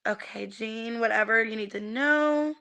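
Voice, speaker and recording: A woman's voice: on the high side, measured pace, pushed and bright. A young adult woman reading tarot on a live stream, chatting casually with many fillers and greeting viewers by name.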